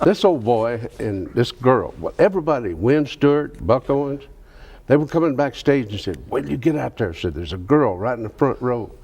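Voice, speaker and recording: A man's voice: medium pitch, animated, normal speed, darkish tone, slightly rough. A man in his fifties with a Southern US accent, a country singer telling folksy stories in a TV interview and laughing through them. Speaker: guest, country singer and author. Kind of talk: casual storytelling in a TV interview.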